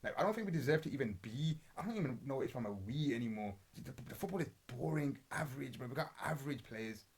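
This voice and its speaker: A young man talks fast and in a husky voice as he rattles through match reactions. His football banter is blunt and rambling, heavy with slang and swearing. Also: mid-range voice, animated. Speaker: podcast host. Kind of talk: casual football watch-along commentary.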